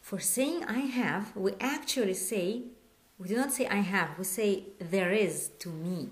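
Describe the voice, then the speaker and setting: A woman teaching a Hebrew lesson in English, patient, repeating words slowly and asking questions. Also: medium pitch, animated. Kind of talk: online language lesson.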